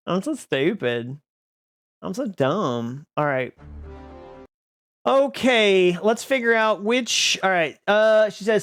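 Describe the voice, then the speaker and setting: Music runs behind a man live-streaming a game as he chats with viewers in a rambling, self-deprecating manner, laughing often. He speaks slowly with many pauses, his high voice a bit bright and full of lively intonation.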